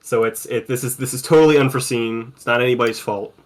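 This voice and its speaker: A man's voice: mid-range voice, fairly even intonation, fast. A man running a tabletop game as game master, talking casually in rambling sentences with many restarts and the odd swear.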